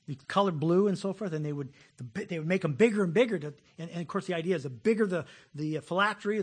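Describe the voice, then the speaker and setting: A middle-aged man preaching a sermon as pastor, folksy and animated, telling jokes and acting out voices. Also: high-pitched, slightly rough.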